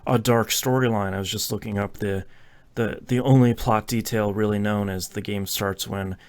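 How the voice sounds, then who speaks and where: A man's voice: lowish voice, normal speed. A man co-hosting a casual games podcast, talking with enthusiasm and frequent restarts. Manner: enthusiastic, stumbling restarts, lively quoting. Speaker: podcast co-host.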